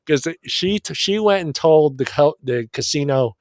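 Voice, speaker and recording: A middle-aged man telling a story in casual chat as a podcast co-host, animated and swearing freely. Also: fairly high pitch, a little slow, hardly any pauses, dry recording, clean studio sound. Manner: animated, swears a lot, acts out voices.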